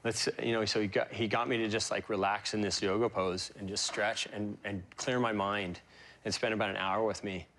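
A man with a fairly low voice recalls his past as an interview guest. He talks in a halting, emotional way, stopping and restarting often with fillers. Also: flat delivery, fairly bright tone, slight background noise. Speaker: interview guest, pro surfer. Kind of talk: reflective interview storytelling.

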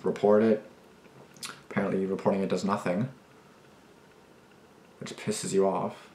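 A man's voice: deep voice, level tone, a little slow, creaky, dark tone, slight background noise. A young man hosting a reaction video, talking casually in a rambling, agitated way with plenty of swearing and restarts. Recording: echoey room.

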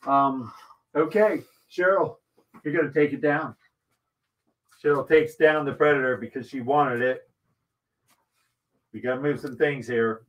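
A man's voice: mid-range voice, unhurried, long pauses, recorded from a distance, highs cut off. A man co-hosting a live-stream auction, teasing and bantering with the others. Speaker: co-host.

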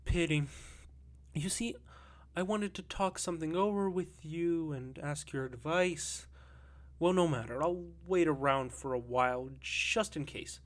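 A lanky middle-aged Russian man who clings to company and talks in a plaintive, insinuating tone, as a male reader puts him on. His voice sits a little higher than the narration, like a storybook figure. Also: a little slow, close to an everyday voice.

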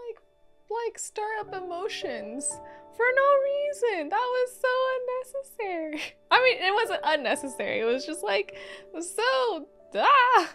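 A woman's voice: very high-pitched, very animated, takes it slowly, fairly bright tone, soft background music. A young woman reacting to an anime episode in casual commentary, emotional and exclamatory, thinking aloud with lots of "like".

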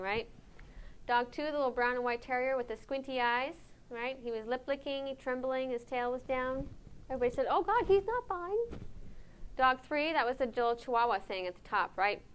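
Woman lecturer, fairly high and smooth voice, engaging talk that keeps quizzing the room. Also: brisk. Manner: lively, asks the audience questions, frequent "right?". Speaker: veterinary behavior lecturer. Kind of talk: conference lecture.

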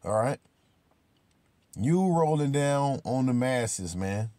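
A man giving informal, emphatic scripture commentary, talking with many repetitions and restarts, swearing freely and slowing down to read verses aloud. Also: mid-range voice, animated, dark tone, dry recording. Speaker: religious commentator.

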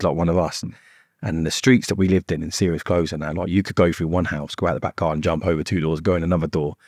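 A man's voice: deep voice, husky, dry recording, studio quality. A middle-aged man, telling his story as a podcast guest in a blunt, rambling way full of swearing. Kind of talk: casual storytelling.

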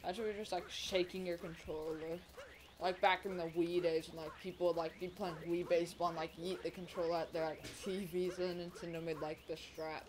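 A woman hosting a gaming channel, chatting casually through a speedrun race with lots of "like" and sudden excited outbursts. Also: lowish voice, brisk, crowd noise. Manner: rambling, filler-heavy, excitable outbursts. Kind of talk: casual gameplay commentary. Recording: game music playing loudly behind. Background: game music.

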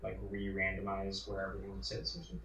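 A man's voice: sits low, completely flat delivery, fast, bright, forceful tone, roomy sound, recorded from a distance, low-quality recording. A man hosting a casual chat while playing a video game, joking and chatty, trailing off with fillers. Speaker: host. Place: indoors at home in an apartment.

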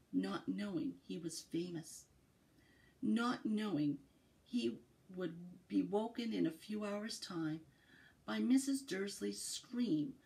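A woman from a library reading a children's book aloud in an expressive storytelling cadence. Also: medium pitch, vocal fry, low-quality recording.

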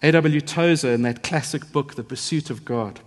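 A man preaching in a big church, his voice sitting a little high for a man. He leans into words for emphasis, then drops soft, and the long reverb of the hall trails every phrase. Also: normal speed. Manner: emphatic, rising and falling in volume for effect. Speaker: pastor. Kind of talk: sermon.

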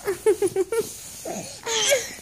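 A woman's voice: very high voice, very slow. A mother coaxing her baby in sing-song baby talk at home. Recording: loud background noise in a home video.

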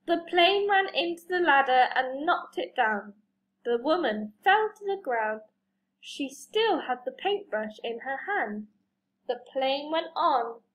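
A woman reads a children's story aloud at a slow, careful pace. Her high voice swings widely in pitch as she gives the characters their lines. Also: rough recording. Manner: slow, expressive reading with lively character voices. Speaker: reader.

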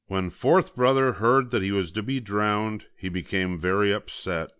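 An older man reading a picture book aloud in a measured, gentle storytelling manner. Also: lowish voice, clean tone, no echo, clean studio sound. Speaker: storybook reader.

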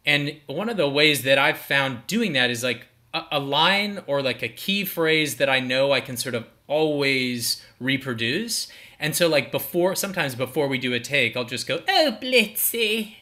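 A man's voice: medium pitch, animated, moderate pace, few pauses, pushed and bright. A man voice actor on a panel, talking reflectively with hesitant fillers. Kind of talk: casual panel talk.

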